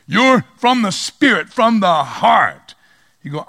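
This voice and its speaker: A man preaching a sermon in an animated way, swinging from loud emphasis to low quiet asides and acting out quoted voices. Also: takes it slowly, vocal fry, dry recording, clean studio sound.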